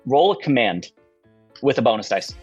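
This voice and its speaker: A man narrating as game master of a tabletop game, lively and playful. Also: medium pitch, moderate pace, slightly rough, dry recording, muffled recording, soft background music.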